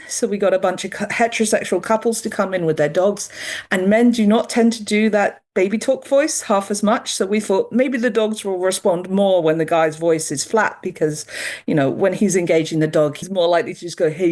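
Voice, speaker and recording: A British woman, a dog behavior researcher, explaining her findings in a chatty, lively interview manner. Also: mid-range voice. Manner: chatty and lively, laughing easily, with mild restarts.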